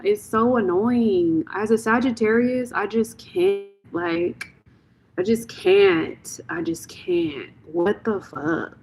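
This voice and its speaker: A young woman hosts a tarot live stream with a husky, slightly breathy voice. She speaks unhurriedly and gives frank, blunt opinions. She repeats phrases for emphasis. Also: mid-range voice, extremely slow, a little mellow, low-quality recording. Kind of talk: casual live-stream chat.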